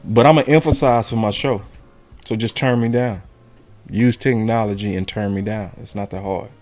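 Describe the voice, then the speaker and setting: A man hosting a casual sports show, breaking down game film and shouting key words. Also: lowish voice, normal speed, soft background music. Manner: animated, shouts key words, talks to his audience.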